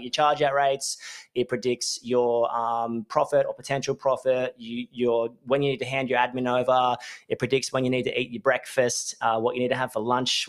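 An Australian man in his thirties, a business coach hosting a solo podcast in a chatty, rambling, upbeat way, often correcting himself. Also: mid-range voice. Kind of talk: casual solo podcast talk.

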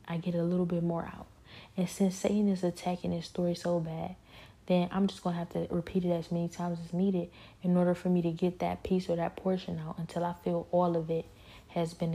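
A woman's voice: on the low side, creaky, warm tone, breathy edge. A woman giving an earnest, repetitive personal testimony, often dropping into a whisper. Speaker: speaker sharing a personal spiritual struggle.

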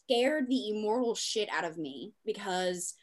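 A woman's voice: medium pitch, expressive, a little slow. A young woman on a podcast, tearful and fighting back tears, swearing freely in emotional casual chat.

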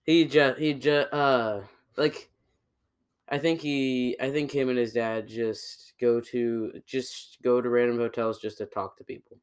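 A man's voice: mid-range voice, level tone, a little slow, clear, resonant tone. A young man chatting casually on camera, rambling with lots of fillers and teasing his friend.

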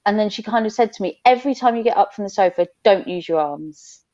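A woman's voice: mid-range voice, lively intonation, fast, a little mellow, lo-fi sound. A woman in her thirties, chatting openly as a podcast guest and telling stories with laughter. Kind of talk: casual chat.

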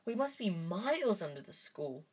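Lady doing a bossy know-it-all schoolgirl witch, sharp orders, bit husky. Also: very animated, normal speed. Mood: plain. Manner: bossy, shrill when upset.

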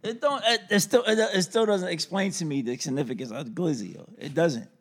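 A man in his forties chatting casually as a podcast host, animated and incredulous, full of street slang. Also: fairly high pitch, brisk. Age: 40s. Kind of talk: casual chat.

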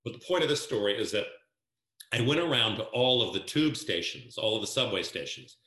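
A man from New Jersey, a guest telling stories in an animated way and acting out dialogue. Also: on the low side, fairly quick, reverberant. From New Jersey, USA. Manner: lively storyteller who acts out quoted dialogue. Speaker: guest, events planner. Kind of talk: animated storytelling.

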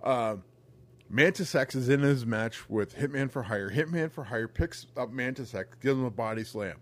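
A man co-hosting a podcast, telling a story in an animated, profane way with frequent laughter, close to the mic. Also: medium pitch, moderate pace. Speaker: podcast co-host. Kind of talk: casual storytelling.

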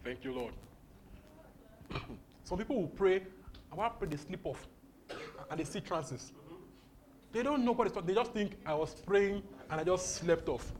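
A high-voiced man preaching a charismatic sermon, his pitch swinging widely as he laughs and repeats himself. Faint ambient noise sits under his voice. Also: expressive, moderate pace, long pauses, a little mellow. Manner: exuberant, laughing often, repeating phrases.

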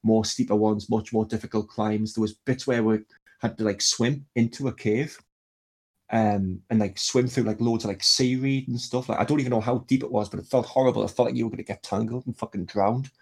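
A man's voice: fairly low pitch, fairly even intonation, a little fast, darkish tone, breathy edge. A young man, telling a rambling story in casual chat and swearing freely.

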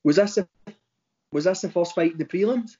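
Glaswegian man, podcast co-host, rambly banter, slightly raised pitch, muffled lo-fi recording. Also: fairly quick, warm tone. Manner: rambling, bantering, self-interrupting. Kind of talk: casual chat. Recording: dull lo-fi recording.

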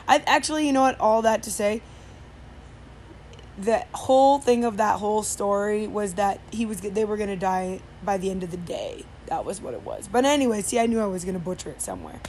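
A woman's voice: medium pitch, normal speed, a little mellow. A woman telling a story in casual chat, rambling with many fillers and restarts, over faint background noise.

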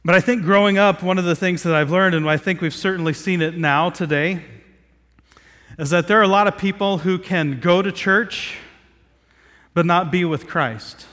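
A man's voice: sits high, moderate pace, fairly bright tone, in a large hall. A man from Southeast Ohio preaching a sermon in a conversational way, with many fillers and restarts, gathered outdoors in a square.

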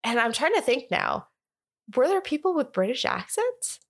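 A woman's voice: sits high, very animated, normal speed, creaky. A young woman co-hosting a podcast, chatting casually about an old film and acting out her own reactions. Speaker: podcast co-host.

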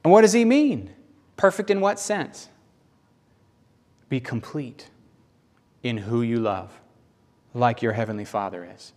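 A man with a Southern American accent preaching a sermon in an animated, playful, emphatic way. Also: mid-range voice, measured pace, long pauses.

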